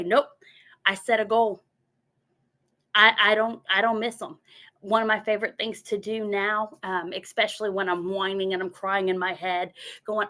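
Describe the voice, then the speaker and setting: A woman's voice: medium pitch, a bit bright. A woman giving a motivational talk from her notes, earnest, repeating words as she goes and acting out her own inner voice.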